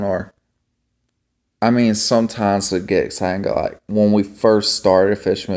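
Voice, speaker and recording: Young guy vlogging, kinda low voice, slow and halting, lots of ums. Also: a little mellow. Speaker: homestead vlogger. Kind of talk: casual rambling monologue.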